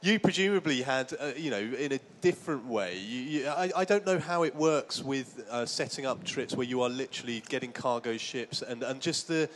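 A man interviewing a traveller, asking halting questions that he rephrases as he goes. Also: medium pitch, a little hiss or hum.

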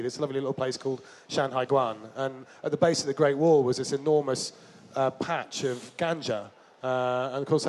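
In this casual storytelling interview, a male traveller and author rambles through self-deprecating tales of his overland trips, full of fillers and false starts. His voice sits at medium pitch with a darkish tone, and there's slight background noise.

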